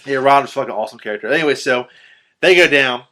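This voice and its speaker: A man talking through a movie with a friend on a podcast. He has a bright, forceful tone and swears freely. He jumps into loud acted-out quotes, then drops back into easy chatter. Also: medium pitch, rapid-fire. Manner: animated, profane, acts out quotes loudly. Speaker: podcast co-host. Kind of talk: casual film discussion.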